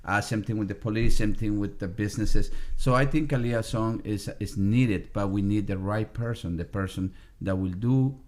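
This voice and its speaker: A man speaking as a podcast guest in a casual interview, often halting and restarting his sentences. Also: on the low side, a little mellow.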